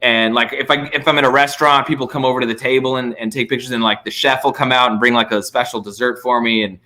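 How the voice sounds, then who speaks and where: A man, a podcast guest, telling stories in casual, animated chat full of fillers and swearing. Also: mid-range voice, fast talker. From United States.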